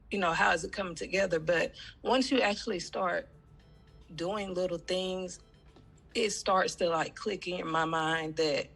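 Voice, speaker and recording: On a video call for her coaching class, a student chats casually, rambling and using many fillers. Her voice sits on the low side, husky and a bit bright, with vocal fry, and she has a slight cold.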